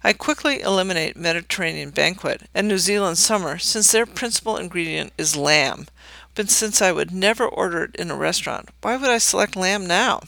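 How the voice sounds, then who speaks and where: Guy reading his own essay, wry and dry, gravelly bright voice, slightly higher pitch. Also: fairly quick, no echo. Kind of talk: scripted essay narration.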